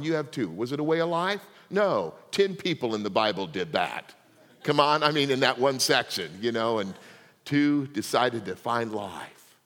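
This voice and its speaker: A man's voice: fairly high pitch, big-room sound. A middle-aged male pastor giving a conversational sermon, often checking in with the congregation. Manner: conversational preaching, asks the congregation for responses.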